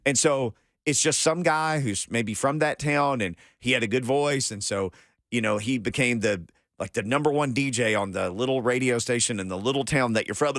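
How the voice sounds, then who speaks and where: A male sports radio host talks through a story in a loose, playful way, now and then slipping into silly voices. His voice sits at an everyday middle pitch. The studio sound is dry and close. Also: normal speed, fairly bright tone, no room sound. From small-town American. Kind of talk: casual sports radio chat. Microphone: studio microphone.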